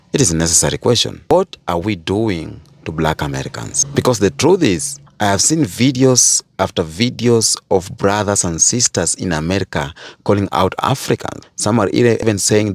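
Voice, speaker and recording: Deep, gravelly man hosting commentary. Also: expressive, normal speed, no echo. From Kenya. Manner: earnest, addresses viewers directly. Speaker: host.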